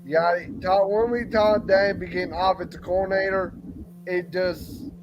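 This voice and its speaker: Slow, hesitant man on a lo-fi line. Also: high-pitched, fairly even intonation. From Tennessee. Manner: slow, hesitant, lots of ums. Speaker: caller. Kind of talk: casual sports chat. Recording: dull lo-fi line with faint noise.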